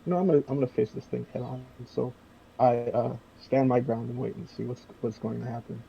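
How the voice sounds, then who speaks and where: A man playing a tabletop role-playing game, describing his character's moves in a deliberate, thoughtful way. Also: medium pitch, fairly even intonation, creaky, dull audio, a little hiss or hum. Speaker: player.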